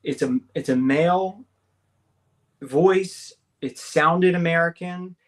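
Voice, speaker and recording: Excitable man telling a story, fairly high voice. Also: slow. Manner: excited, repetitive, uses many fillers and tag questions; acts out the quoted voices, jumping higher for them. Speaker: guest recounting an abduction experience. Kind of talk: animated personal storytelling. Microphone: call-in or studio mic on a talk radio show.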